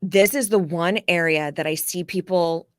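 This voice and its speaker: Woman, life coach, lowish voice, dry close sound, animated explaining, podcast interview. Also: normal speed, no room sound. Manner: animated, explanatory, acts out quoted people; casual with occasional swearing.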